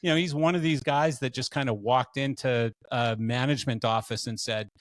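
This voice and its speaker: Man, Canadian, podcast host, rambling casual storyteller, mid-pitched, dry close sound. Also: fairly even intonation, moderate pace, no echo. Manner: rambling storyteller, lots of fillers and restarts. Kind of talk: casual interview chat.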